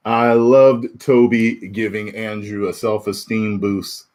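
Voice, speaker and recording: A man's voice: fairly low pitch, very slow. A man and YouTube reviewer in casual spoiler talk, reading chat questions aloud and laughing often. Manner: animated, laughing, swings between loud and muttered.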